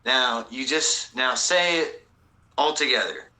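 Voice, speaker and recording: A man's voice: medium pitch, slow pace, bright, forceful tone, rough recording. A man who is a guest on a casual livestream chat, joking around and telling corny jokes. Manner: jokey, tells corny jokes, laughs easily.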